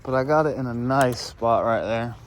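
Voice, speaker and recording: A man, out of breath, talking excitedly to his vlog viewers while fishing on the water. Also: medium pitch, normal speed, slight background noise. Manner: excited, drawling, calls viewers y'all. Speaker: fishing vlogger. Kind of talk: casual outdoor narration to camera.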